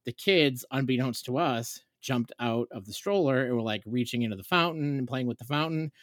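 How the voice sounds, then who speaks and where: A man speaking as a podcast guest, recounting a story with lively energy. He slips into the voices of the people he quotes. His voice sits in an ordinary middle pitch, recorded dry and close. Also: a little fast, no room sound. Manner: animated, acts out quoted dialogue. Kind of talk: casual storytelling chat.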